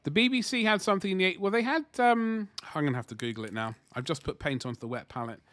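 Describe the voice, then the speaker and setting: A man's voice: sits high, fast talker, a bit bright, no room sound. Rambling man streaming while painting. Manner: rambling, chatty, self-deprecating, thinking aloud. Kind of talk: casual live-stream chat while painting.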